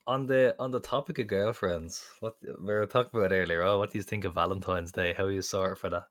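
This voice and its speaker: A young man speaks in a low voice, easy-going and quick to swear as he chats on a podcast. He slips into quoted voices now and then. The sound is dry and close. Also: steady tone, no room sound. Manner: laid-back, swearing, drops into quoted voices. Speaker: podcast co-host. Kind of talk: casual chat.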